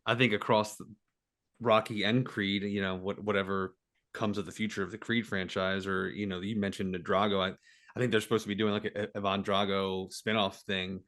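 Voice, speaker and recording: A man's voice: fairly low pitch, flat delivery, a little fast, a bit bright. A man on a movie review podcast, answering in meandering, hedging casual talk with many fillers. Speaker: podcast panelist.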